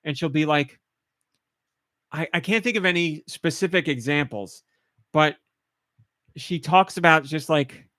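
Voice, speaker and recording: A man's voice: on the high side, unhurried, pauses often, bright, forceful tone, no echo, studio quality. A man hosting a podcast in casual chat, gushing with emotion and getting choked up and tearful as he talks. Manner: emotional, gushing, laughs while choking up. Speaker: podcast host.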